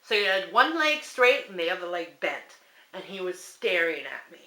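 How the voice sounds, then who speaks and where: A woman's voice: on the low side, big pitch swings, normal speed, sharp tone, reverberant. A woman in her thirties telling a spooky story from her home in a casual vlog, acting out her own screams and quoted lines. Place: room at home.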